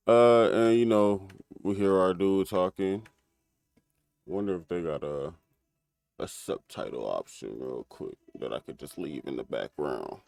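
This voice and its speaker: A man's voice: deep voice, measured pace, creaky, a little mellow. A man casually recapping an episode on a stream, rambling with fillers, restarts and laughter.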